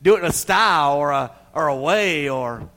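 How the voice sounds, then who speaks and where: A middle-aged man preaching a sermon, swinging between loud pleading and soft near-whispers. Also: a little high, lively intonation, normal speed.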